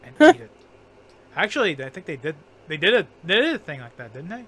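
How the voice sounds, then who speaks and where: A man chatting on a casual podcast, his voice on the higher side and bright. He rambles, restarts his sentences and laughs often. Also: big pitch swings, fast, husky. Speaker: podcast co-host.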